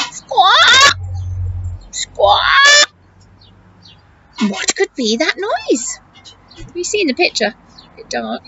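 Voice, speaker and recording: A teacher reading a picture book aloud to children in an animated way, gasping and asking questions. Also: female voice, sits high. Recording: muffled recording with hiss.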